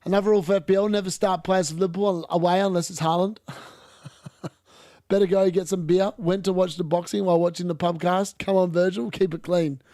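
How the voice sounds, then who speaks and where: A man's voice: sits high, fairly even intonation, a little fast, mellow, no echo, studio quality. A man hosting a football watch-along, chatting casually and bluntly over live play with mild swearing. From Australia. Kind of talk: casual live match commentary.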